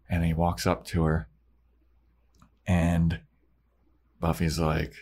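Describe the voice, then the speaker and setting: A man with a very low voice co-hosting a podcast, walking through a TV episode scene by scene. He talks casually and acts out the characters' lines as he goes. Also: takes it slowly, pauses often. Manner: animated retelling, acting out the characters' lines. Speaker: podcast co-host. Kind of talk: casual chat, recapping a show.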